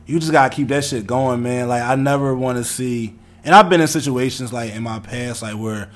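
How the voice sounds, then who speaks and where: A man's voice: mid-range voice, a little fast. A man co-hosting a podcast in casual chat, rambling and cursing as he talks through his thoughts. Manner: rambling, profane, full of fillers and restarts. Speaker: podcast co-host.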